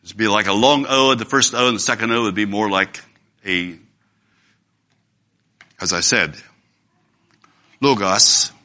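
A man's voice: on the low side, moderate pace, pauses often, pushed and bright. A man preaching a sermon in an earnest, emphatic way, reading scripture aloud.

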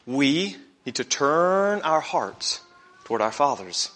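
A man preaches to his congregation in a bright, fairly high voice. He talks in a conversational way, leans on the scripture verses by slowing down, and puts questions to the listeners in the pews. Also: sing-song. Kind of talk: sermon.

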